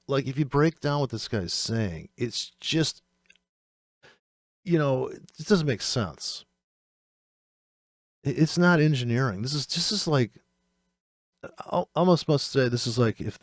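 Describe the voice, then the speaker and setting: A man on a trading channel tears into other people's strategies in an exasperated, profane rant. His pitch swings widely from one phrase to the next. The recording is close and dry, with almost no room sound. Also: no echo. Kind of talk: ranting commentary on trading videos.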